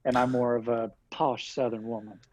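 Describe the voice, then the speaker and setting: A man's voice: mid-range voice, little pitch movement, moderate pace, a little mellow, a little hiss or hum, rough recording. A young man from Kentucky with a Kentucky accent, a guest chatting casually and bubbly over a video call, laughing often. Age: young adult. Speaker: guest, TikTok creator.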